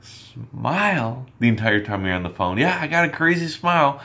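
Guy doing sales coaching, bouncy pitch, punchy, keeps saying right?, acts out little calls. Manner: energetic, emphatic, keeps asking "right?"; acts out quick exchanges in other voices. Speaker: mortgage sales trainer. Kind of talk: coaching talk to loan officers.

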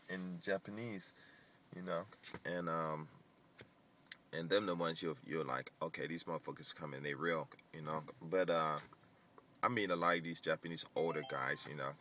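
A man's voice: sits low, normal speed. Profane, rambling man by traffic. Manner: profane, rambling, animated storytelling. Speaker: vlogger. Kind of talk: casual rant.

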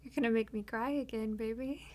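A woman's voice: fairly high pitch, steady tone, fairly quick, natural voice. A young woman voicing a reformed bad-girl girlfriend in an audio role-play, talking earnestly and close to tears. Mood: tender, earnest. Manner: earnest, emotional, near tears.

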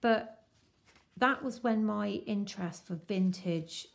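A woman chatting casually and excitedly as she unwraps a craft swap parcel. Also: mid-range voice, vocal fry. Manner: gushing, excitable, slow-paced. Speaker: crafting vlogger. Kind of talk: casual unboxing chat.

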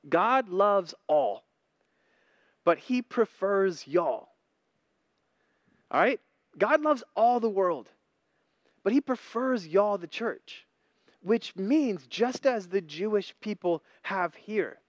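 A preacher in his thirties delivers a sermon with a high, bright voice. He spins folksy stories between his points, and the recording is close and dry. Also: dry recording. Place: empty church auditorium.

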